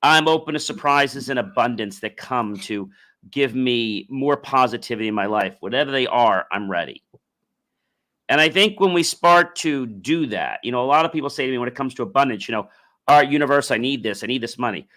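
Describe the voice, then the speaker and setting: A man hosting a podcast interview, talking in a loose, expressive way. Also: mid-range voice, fairly quick. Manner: expressive, acts out imagined voices. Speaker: podcast host. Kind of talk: casual interview chat.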